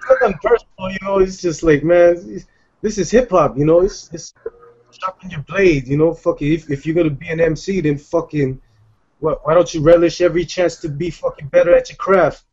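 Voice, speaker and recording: A man's voice: a little high, very animated, a little fast, darkish tone, slightly rough. A man, a hobby rapper, rambling and swearing in a casual interview. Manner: rambling, profane. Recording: dull lo-fi audio.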